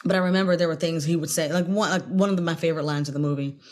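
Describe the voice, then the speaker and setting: In a low-pitched voice and at a very fast clip, a middle-aged guest actress spins a lively story during a podcast interview, punctuating it with loud, theatrical quotes.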